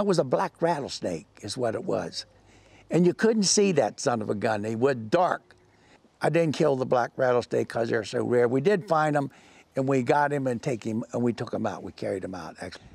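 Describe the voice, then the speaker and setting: A man telling a story as an interview guest, animated and dramatic, imitating sounds as he goes. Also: fairly high pitch, creaky, no room sound. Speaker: interview guest, local lecturer.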